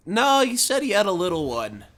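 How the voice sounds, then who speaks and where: A man's voice: high voice, normal speed. A young man co-hosting a podcast, telling an anecdote in casual chat and acting out the people he quotes. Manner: animated anecdote teller, acts out quoted people. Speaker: podcast co-host.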